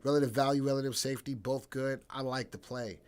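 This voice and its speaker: Man, live stream host, casual chat, mid-pitched voice, thinks aloud, talks to viewers by name. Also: fast talker. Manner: gets loud and excited when reacting to chat.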